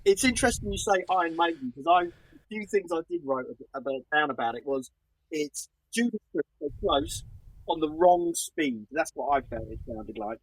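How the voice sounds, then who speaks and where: A man's voice: fairly high pitch, lively intonation, normal speed, vocal fry, poor audio. Blunt Cockney man with dry humor. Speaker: podcast co-host. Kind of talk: casual chat, album review.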